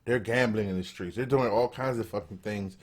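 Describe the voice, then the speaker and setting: A man's voice: lowish voice, fairly quick. A man giving casual, blunt, profane video commentary, emphatic and repeating himself for emphasis. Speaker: political commentator.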